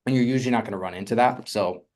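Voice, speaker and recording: A young man coaching on real estate funding in a casual, energetic teaching talk, often asking "right?". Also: on the low side, rapid-fire.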